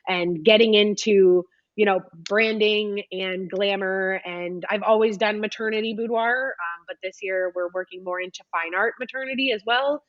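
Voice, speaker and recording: A woman in her thirties telling a story in a casual, animated podcast interview with lots of ums. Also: medium pitch, normal speed, hardly any pauses, no room sound, muffled recording. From United States. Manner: chatty, animated retelling with frequent ums. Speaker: podcast guest, photographer.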